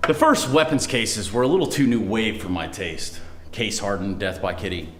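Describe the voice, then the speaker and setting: A man's voice: fairly low pitch, expressive, moderate pace, fairly bright tone. A man playing a pretentious skin connoisseur. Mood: smug. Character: pretentious man musing on weapon skins.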